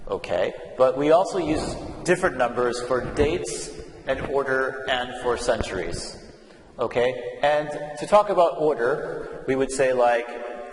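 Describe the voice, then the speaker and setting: A man teaching an English lesson to learners, speaking slowly and carefully and repeating words so they can follow. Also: medium pitch. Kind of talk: slow classroom lesson. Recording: echoey room with long reverb, faint noise.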